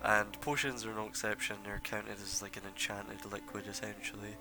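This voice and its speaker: A man's voice: on the low side, monotone, moderate pace, over music. A young man narrating as game master of a tabletop game, loose and full of fillers.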